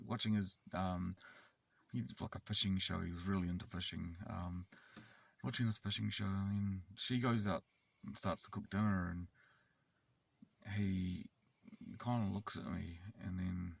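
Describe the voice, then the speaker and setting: Sitting in a car, a New Zealand man rambles through a casual story for his vlog, full of swearing and filler words. His voice is low, slightly rough and marked by vocal fry, picked up from a distance with no room sound.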